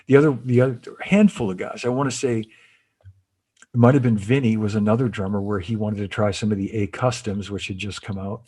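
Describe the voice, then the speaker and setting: A man's voice: fairly low pitch, moderate pace, warm tone, breathy edge. A middle-aged man being interviewed as a guest, telling long stories with many restarts and asides. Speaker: interview guest, former cymbal company artist relations. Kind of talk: casual interview storytelling.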